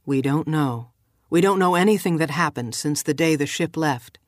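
A woman narrator voicing a calm, proud man in a lowered, measured, quiet way, from an audiobook. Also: no room sound, clean studio sound, natural voice. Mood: yearning.

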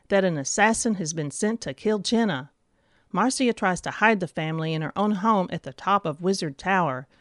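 Low-voiced woman reviewing a book. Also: no room sound, clean studio sound. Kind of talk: scripted narration.

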